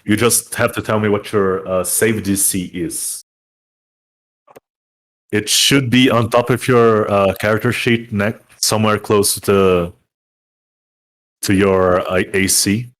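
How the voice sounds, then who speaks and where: A man's voice: on the low side, fairly even intonation, takes it slowly, long pauses, fairly bright tone. A young man running a tabletop game as dungeon master, describing scenes in a rambling way full of fillers.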